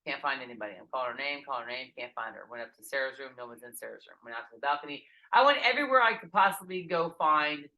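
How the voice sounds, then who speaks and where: A middle-aged woman, a podcast guest telling stories in casual chat, animated and profane, acting out quotes, recorded outdoors in a backyard. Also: extremely low pitch, fast, few pauses, low-quality recording.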